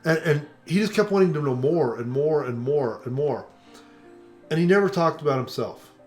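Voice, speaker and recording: A man's voice: fairly high pitch, normal speed, faint music behind. An older man co-hosting a casual conversation, telling stories and acting out the voices of the people he quotes. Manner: animated storyteller, acts out quoted voices. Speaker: co-host.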